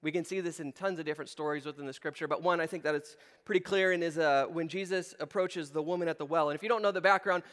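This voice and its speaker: High-voiced man preaching in a reverberant hall. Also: fairly even intonation, fast, few pauses, a bit bright. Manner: conversational, plays short voices in quotes, asks the room. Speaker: pastor. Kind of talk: sermon.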